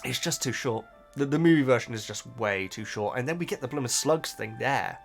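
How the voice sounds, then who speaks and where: A man's voice: medium pitch, expressive, brisk, gravelly, faint music behind. A man chatting casually as a YouTuber answering viewer comments, often stumbling and correcting himself. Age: adult. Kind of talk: casual reaction chat.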